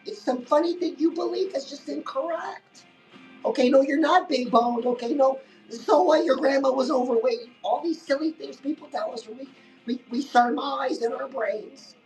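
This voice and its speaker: A woman's voice: high voice, normal speed, a little mellow, far from the mic, faint music behind, poor audio. A woman giving a chatty live-stream pep talk as a life coach, keeps calling the listener "girl" and saying "listen".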